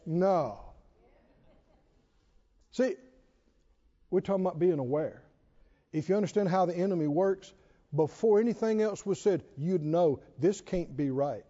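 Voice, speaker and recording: A man delivers a sermon with a high, swinging voice and a warm, mellow tone. His delivery is emphatic, with slow, stretched stresses and the occasional chuckle. The sound is dull and lo-fi, with a long reverb tail from a large hall. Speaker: preacher.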